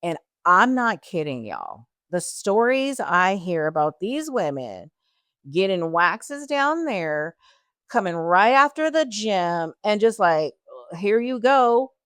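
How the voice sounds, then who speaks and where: A woman's voice: fairly low pitch, sing-song, takes it slowly, fairly bright tone, no room sound, studio quality. A woman in her forties chatting casually as she tells her life story, talking straight to listeners and wandering off on tangents. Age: 40s. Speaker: guest sharing her story.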